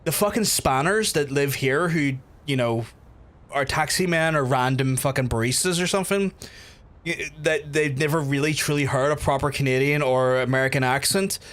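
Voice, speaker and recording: A man's voice: fairly high pitch, moderate pace, a bit bright. A man with a Belfast accent who hosts a livestream, chatting casually with viewers, swearing freely and restarting sentences as he goes. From Northern Ireland. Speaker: livestream host.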